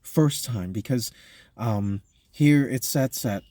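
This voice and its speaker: Pastor, male, mellow tone, dry close sound, chatty sermon full of ums and restarts. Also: mid-range voice, no room sound. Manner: conversational, halting with many fillers and restarts. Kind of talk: sermon reading scripture and explaining it.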